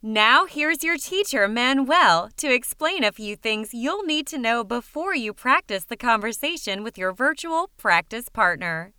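Upbeat female presenter, scripted intro, higher voice, crisp and bright. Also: lively intonation, a little slow, few pauses. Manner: upbeat, inviting.

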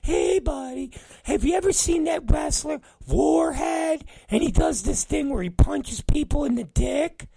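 A man voicing an overeager, rambling male friend who talks in a high, shouting voice. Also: a little slow, vocal fry, heavily acted. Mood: eager. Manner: excited, rambling, naive.

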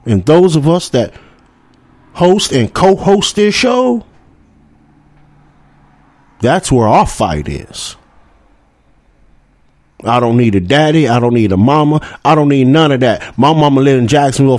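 A man's voice: medium pitch, expressive, measured pace, long pauses, a little mellow, dry recording. A man hosting a political talk show, delivering a heated monologue full of profanity and rhetorical "hmm?" asides. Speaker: podcast host.

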